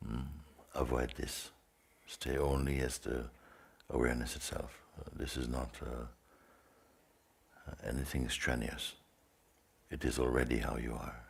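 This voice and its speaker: Very deep, slow gravelly man guiding meditation. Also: little pitch movement. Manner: slow, sparse phrases with long pauses. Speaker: spiritual teacher. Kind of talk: guided meditation.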